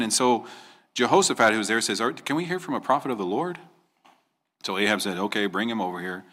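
A man delivers a sermon from the pulpit with a bright, forceful tone. He preaches earnestly, lifting his voice into pointed questions. When he tells a story, he takes on the voices of the people in it. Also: medium pitch, brisk. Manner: earnest, rising to emphatic questions. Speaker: pastor.

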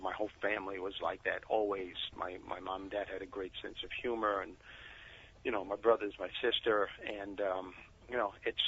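A man, a guest author, telling animated stories in a casual interview over a muffled phone line. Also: lowish voice, breathy edge. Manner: animated storyteller.

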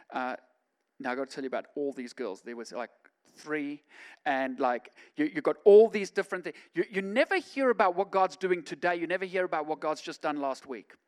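A man, a pastor, preaching a sermon in a conversational way that swings from quiet asides to loud, emphatic stretches. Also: on the high side, clean tone.

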